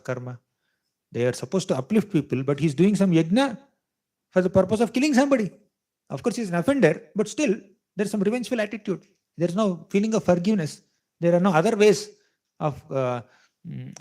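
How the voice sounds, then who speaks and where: In a temple hall before an audience, a male speaker teaches scripture in a devotional talk, his voice a bit high with a darkish tone. His style is conversational, with frequent "right?" checks and chuckles as he explains.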